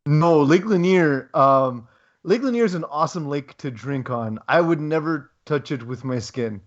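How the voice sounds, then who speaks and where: A man's voice: fairly high pitch, lively intonation, moderate pace, highs cut off. A man co-hosting a sports podcast in casual chat, rambling with lots of ums and wry asides. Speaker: podcast co-host.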